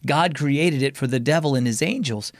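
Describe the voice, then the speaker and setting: A man voicing a calm mother in a children's story, gently explaining things to her kids. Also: mid-range voice, moderate pace, dry recording, clean studio sound, close to an everyday voice. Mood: reassuring.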